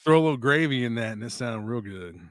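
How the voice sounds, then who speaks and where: Podcast guest, man, mid pitch, folksy and easygoing, dry close sound. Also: lively intonation, fast, fairly bright tone, no room sound. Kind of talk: casual chat.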